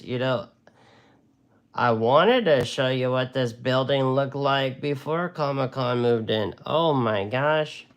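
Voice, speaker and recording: This watercolor teacher keeps up a joking, meandering patter while drawing during a relaxed live-stream lesson. He speaks at a medium pitch, and his tone is creaky yet clear and resonant.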